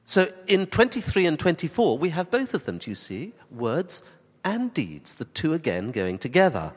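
A man preaching a sermon to his church congregation, swinging from emphatic rising questions to slow, soft emphasis. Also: fairly high pitch, sing-song, breathy edge, long reverb tail. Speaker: pastor.

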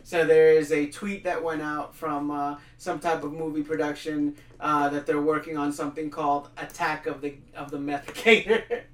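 A man co-hosting a casual movie review podcast, jokey and laughing, talking in halting restarts. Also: a little high, fairly even intonation. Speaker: podcast co-host. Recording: echoey room, distant mic.

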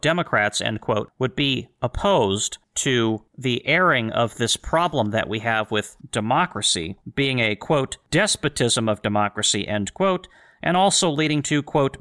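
A man hosting a solo commentary show, reading historical quotations slowly and answering them with sarcastic rhetorical questions. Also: mid-range voice, a bit bright. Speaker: podcast host.

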